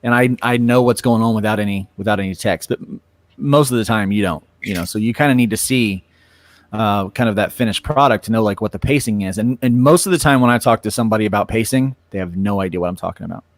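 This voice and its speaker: A man's voice: fairly low pitch, fast talker. A male comics creator speaks on a panel in a loose, rambling way, full of restarts and fillers. The sound is dry and close, with no room echo. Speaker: comic book writer and artist on a panel. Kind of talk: casual panel talk.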